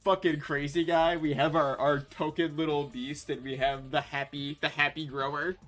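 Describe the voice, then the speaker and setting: A man hosting a livestream in casual chat, animated and profane, laughing often and restarting his sentences. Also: a little high, moderate pace, soft background music. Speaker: streamer, host.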